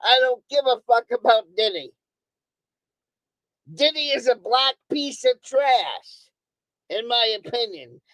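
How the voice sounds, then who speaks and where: A woman with a somewhat high voice rants angrily into a streaming mic, swearing freely and repeating herself over and over. The sound is dry and close, with no room around her. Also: expressive, slow pace, long pauses, fairly bright tone, no room sound, low-quality recording. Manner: profane, angry, repeats words over and over. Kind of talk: ranting monologue. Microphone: streaming microphone.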